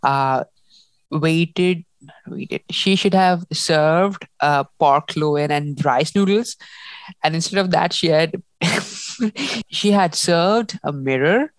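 A young woman in casual book chat, animated and laughing often as she acts out lines. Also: low-pitched, slow, no echo. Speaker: book discussion host.

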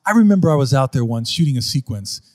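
A man's voice: medium pitch, animated, fast talker. A man being interviewed about wildlife photography, telling stories emphatically and acting out other people's voices. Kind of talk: animated interview storytelling.

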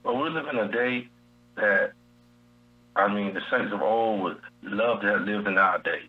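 A man's voice: on the low side, normal speed, husky, phone-quality sound. A man teaching from the Bible in a preacherly style on a radio show, repeating his key phrases. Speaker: guest preacher.

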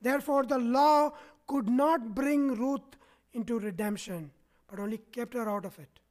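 A man's voice: extremely high pitch, a little slow, darkish tone. A man preaching a sermon to his congregation, often checking in with them by asking "right?". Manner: asks the congregation frequent "right?" tags. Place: church.

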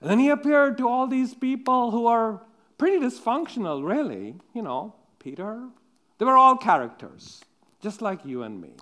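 A man preaching a sermon in a halting, conversational way, with many restarts, asking his listeners direct questions. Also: very high-pitched, big pitch swings, fairly bright tone.

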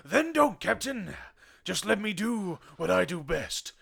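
A man voicing a cocky, reckless cop who answers with smug deadpan lines. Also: sits high, measured pace, creaky, slightly rough, exaggerated voice. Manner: smug, deadpan one-liners. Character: cocky reckless male loose-cannon cop.

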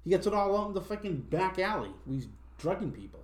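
A young podcast host rambles through a casual chat, swearing a lot and restarting his sentences often. His voice sits high, swings widely in pitch, and moves fairly quickly.

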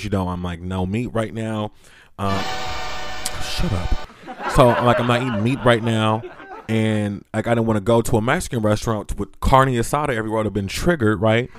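A man hosting a podcast, telling a personal story in a lively, laughing, foul-mouthed monologue that climbs high and loud when he retells his panic. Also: slight background noise. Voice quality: animated, laughing, swearing freely. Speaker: podcast host.

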